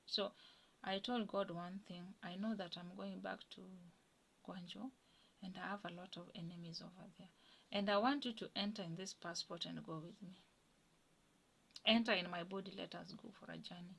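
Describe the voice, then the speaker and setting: A young woman telling her personal testimony in an earnest, animated way, dropping to a hush when moved. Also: on the low side, creaky, slightly rough. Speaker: guest sharing a personal testimony.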